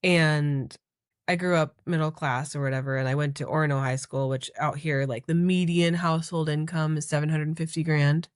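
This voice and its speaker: A woman's voice: low-pitched, fairly even intonation, normal speed, clear, resonant tone, no room sound, clean studio sound. A woman in her thirties from Minnesota, a podcast guest casually telling a personal story with lots of "like" fillers. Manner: chatty, heavy use of "like" fillers.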